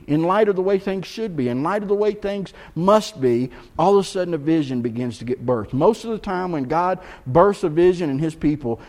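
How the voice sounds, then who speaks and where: A man preaching a sermon, telling a story and swinging between loud stretches and hushed ones. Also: sits high. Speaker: pastor.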